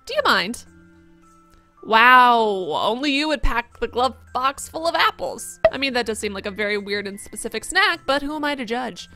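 A woman's voice: a little high, pushed and bright, faint music behind. A woman hosting a let's play, chatting casually and playfully as she comments on the game and cracks jokes. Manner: playful, jokey, quick to exclaim.

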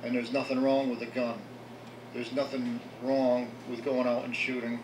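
A man's voice: mid-range voice, level tone. Earnest man speaking in an echoey room. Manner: earnest, halting with repeated words. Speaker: local political candidate. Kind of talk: unprepared speech to a meeting. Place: restaurant meeting room. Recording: echoey room with background noise.

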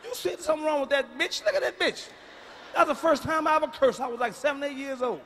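A middle-aged man doing a profane, blunt stand-up routine, booming out his punchlines live in a large venue. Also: lively intonation, fast talker, bright, forceful tone, a little hiss or hum. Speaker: stand-up comedian. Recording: live stage mic in a reverberant arena.

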